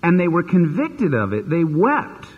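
Husky guy pastor preaching, kinda high voice, dull old recording w/ long echo. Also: measured pace. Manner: animated preaching, acting out quoted voices. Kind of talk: sermon.

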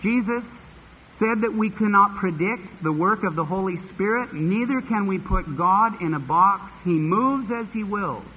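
A man's voice: sits high, expressive, measured pace. Man preaching in a reverberant hall. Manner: expository Bible teaching with folksy asides. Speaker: pastor. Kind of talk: sermon. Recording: dull lo-fi recording with long hall reverb and faint hiss.

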